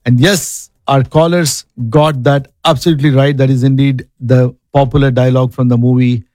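A man's voice: mid-range voice, fairly even intonation, moderate pace, darkish tone. A man hosting a radio call-in show from a studio, upbeat and reading ads between callers. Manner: upbeat, repeats the call-in number.

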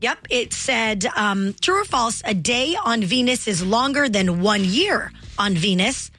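A woman co-hosting a morning radio show, chatty and quick to laugh in casual banter. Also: on the high side, expressive, sharp tone, faint music behind.

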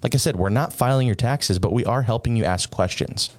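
A man's voice: mid-range voice, a little fast. A man speaking as a financial advisor on a radio talk show, firm and matter-of-fact.

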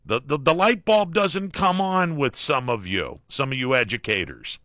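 A man hosting a call-in talk radio show, joking and folksy with plenty of fillers and slow emphasis. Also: mid-range voice, animated, pushed and bright, dry recording, studio quality. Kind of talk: casual talk radio monologue. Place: radio studio. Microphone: studio microphone.

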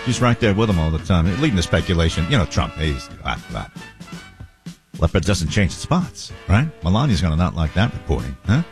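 A man's voice: deep voice, sing-song, a little mellow, soft background music. A man hosting a talk radio show, making sardonic comments and reading listener texts. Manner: sardonic, does quick mock impressions, reads texts.

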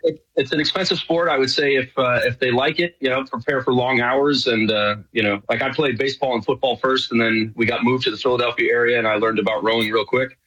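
A man's voice: medium pitch, steady tone, fast talker, hardly any pauses, a bit bright, slightly rough, lo-fi sound. A middle-aged man from New York, a guest in a casual radio interview, chatting and rambling with many fillers. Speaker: guest, show host.

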